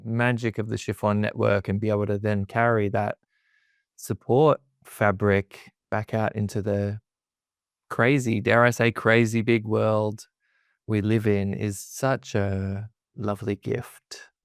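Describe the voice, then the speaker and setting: A man co-hosting a podcast as a therapist, speaking in a gentle, reflective and affirming way. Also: on the low side, level tone, measured pace, no room sound, studio quality. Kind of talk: casual conversation.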